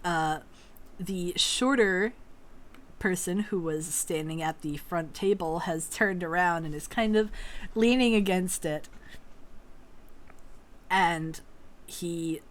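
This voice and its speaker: A woman narrating as game master of a tabletop game, halting with fillers and often laughing. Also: lowish voice.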